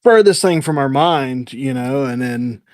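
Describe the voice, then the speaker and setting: A young man as a podcast guest, telling a story in animated casual chat with many restarts. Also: mid-range voice, measured pace, no room sound, clean studio sound. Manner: animated storyteller, repeats words as he talks.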